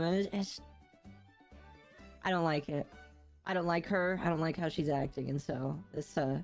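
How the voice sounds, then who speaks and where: A woman co-hosting a podcast gives her frank opinions in casual chat and laughs easily. Her voice sits a little low for a woman. Soft music plays faintly underneath. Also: fairly even intonation, moderate pace, pauses often. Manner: blunt and opinionated, laughs often. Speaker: podcast co-host.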